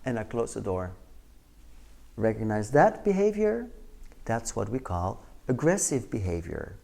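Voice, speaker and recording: A male trainer tells a story with a lively, swooping delivery and a mellow, warm tone. He acts out the scenes as he goes, slipping in and out of the people he describes. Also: mid-range voice, unhurried, gravelly. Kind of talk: storytelling lecture.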